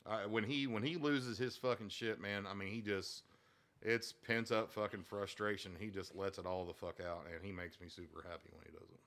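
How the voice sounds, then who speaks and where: A man's voice: lowish voice, steady tone, moderate pace, fairly bright tone. A man in his thirties telling crude stories about his kids in a casual chat, cursing freely. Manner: profane storyteller, swears constantly.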